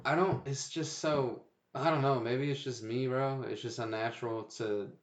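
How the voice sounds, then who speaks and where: A man's voice: medium pitch, steady tone, normal speed, echoey room. A young man co-hosting a podcast in casual chat, swearing freely and restarting his sentences. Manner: loose, profane, trails off into restarts. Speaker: podcast co-host.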